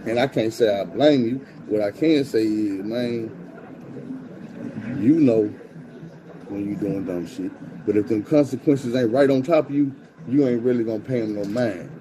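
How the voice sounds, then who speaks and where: A man tells a story in casual, profane street slang, acting out quotes with animated swings in his voice. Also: medium pitch, normal speed, background noise.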